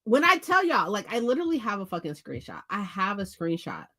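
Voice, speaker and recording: A woman hosting a book vlog, chatting casually to her viewers at home, animated and profane, repeating phrases for emphasis. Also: medium pitch, brisk. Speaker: book vlogger host. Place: indoors at home.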